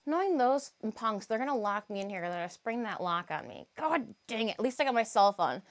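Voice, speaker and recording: A woman's voice: on the high side, very animated, a little fast. A woman live streaming, chatting casually, greeting viewers by name and grumbling about her cats.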